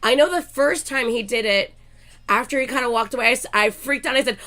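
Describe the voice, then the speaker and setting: A young woman, sick and coughing, chatting casually with livestream viewers in an excitable, gushing way and reading names from the chat. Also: on the high side, brisk.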